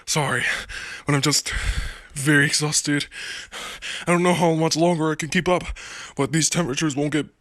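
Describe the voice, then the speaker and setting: A man's voice: on the high side, steady tone, moderate pace, a bit bright, no echo, close to an everyday voice. Guy playing a radio weather guy melting in the heat, out of breath, panicky, dry close mic. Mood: exhausted. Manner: breathless, panicking, screams at the end. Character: male radio weatherman overcome by deadly heat. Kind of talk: fictional emergency broadcast drama.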